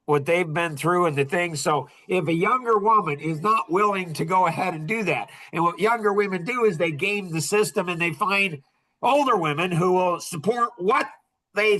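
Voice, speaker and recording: A middle-aged man hosting a podcast, telling a story in a casual, animated and heated way, with many restarts. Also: sits high, normal speed. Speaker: podcast host.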